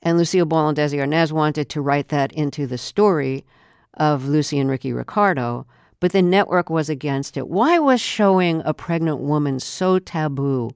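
A woman's voice: low voice, expressive, moderate pace, darkish tone, clear, resonant tone, dry recording, studio quality. A woman hosting a radio interview, chatting and setting up clips. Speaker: radio host.

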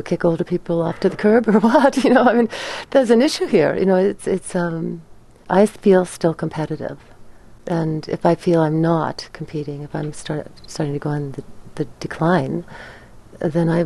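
A woman's voice: deep voice, gravelly, dark tone. A woman in her sixties, a teacher and grandmother, speaking thoughtfully with some hesitation. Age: 60s. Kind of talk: interview.

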